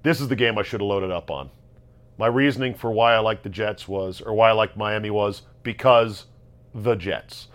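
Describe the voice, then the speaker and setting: A man hosting a solo sports talk show, ranting sarcastically about football results and jumping between loud outbursts and low muttering. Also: brisk. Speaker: sports podcast host. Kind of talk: casual solo sports commentary.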